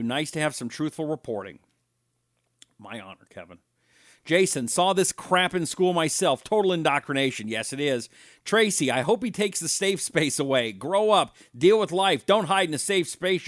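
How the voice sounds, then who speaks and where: Man, talk show host, middle-aged, animated and mocking, dry sound. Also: on the high side, no room sound. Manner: animated, mocking, mimics voices. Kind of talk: casual talk show reading live comments.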